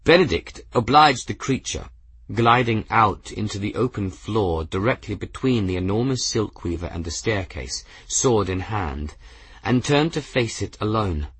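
A man reads an audiobook with a low, husky voice that moves in lively rises and falls. The sound is dry and close. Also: measured pace, no echo. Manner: expressive, voicing characters. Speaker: audiobook narrator. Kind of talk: scripted narration.

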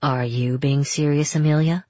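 A woman voicing a cocky, jealous young man who speaks in a low, taunting, intimate way. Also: fairly even intonation, normal speed, a little mellow, no room sound. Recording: dull, muffled audio.

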